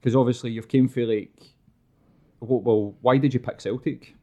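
Mellow-voiced Scottish host, blunt and sweary. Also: male voice, medium pitch, fairly even intonation, moderate pace, dull audio. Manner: blunt, sweary, laughs along. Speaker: podcast host. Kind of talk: casual chat.

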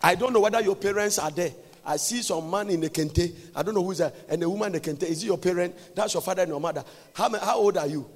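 A pastor in his forties preaching in a large church, swinging between sing-song phrases and sudden shouts. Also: high-pitched, fast. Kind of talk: sermon. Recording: long church reverb.

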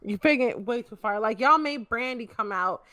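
A woman's voice: on the high side, lively intonation, normal speed, sharp tone. A young woman in casual talk, ranting bluntly and profanely, exasperated.

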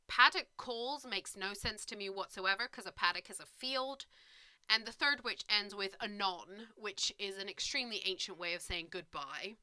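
A woman teaching English reads literature aloud to learners at an unhurried pace. Her voice is very bright and crisp. She explains each word patiently and laughs lightly now and then. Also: mid-range voice, dry recording. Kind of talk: reading aloud and explaining vocabulary.

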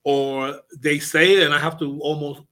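A man's voice: a little high, little pitch movement, normal speed, pushed and bright. A man who grew up speaking Spanish at home, hosting a casual radio talk, hesitant and full of restarts. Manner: hesitant, many restarts and uhs.

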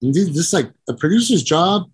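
A man's voice: fairly high pitch, very animated, a little fast, husky. A middle-aged man, a musician and producer, telling long profane stories and acting out the people in them. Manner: rambling and profane, acts out voices, keeps saying "you know". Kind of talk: casual storytelling interview.

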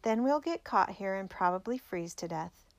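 A woman's voice: medium pitch, expressive, normal speed, no room sound, natural voice. A woman reading the lines of a determined young male radio operator in an earnest, firm way.

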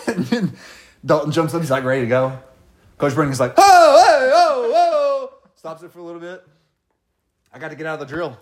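A man's voice: on the high side, moderate pace, long pauses. A man in his twenties telling stories in casual chat, swearing freely and laughing as he goes. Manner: profane, animated storytelling with laughs. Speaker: podcast co-host telling stories.

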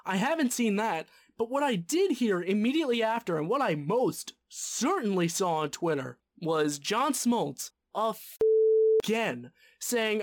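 A man's voice: high-pitched, sing-song, normal speed. A male podcast co-host ranting about sports in a fired-up, casual way. He swears often and keeps building on his own complaint.

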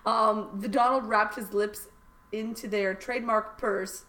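A woman reading a raunchy satirical story aloud with dry, deadpan delivery. Her pitch sits in a mid range. She banters casually between passages of the comic read-aloud. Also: a little slow. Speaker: podcast co-host reading fan fiction aloud.

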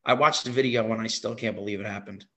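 A wrestling impersonator guesting on a show tells a story, excitedly and casually, repeating phrases and filling gaps with filler words. He talks fast, and his voice is fairly low.

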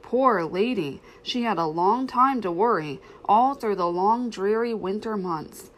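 Woman narrator for a children's storybook, gentle, expressive. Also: medium pitch, unhurried. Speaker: storybook reader. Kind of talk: storybook read-aloud narration.

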